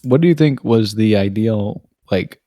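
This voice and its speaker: A man's voice: lowish voice, measured pace, mellow, dry recording. Young male podcast host, rambling, stuttering, profane; dry close sound. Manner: rambling, stuttering, swears a lot. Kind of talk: casual chat among friends.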